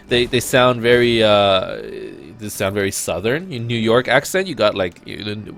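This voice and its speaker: Rambling Canadian man with a lively pitch. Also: normal speed. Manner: rambling, self-interrupting, animated. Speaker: let's play host. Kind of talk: casual gameplay commentary.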